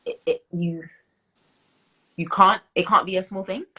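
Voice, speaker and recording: A woman in her twenties with a British accent is a guest in an interview, speaking reflectively with lots of fillers and restarts and laughing as she tells stories. Her medium-pitched voice is lively in intonation, unhurried, and sharp with a breathy edge. The recording is rough.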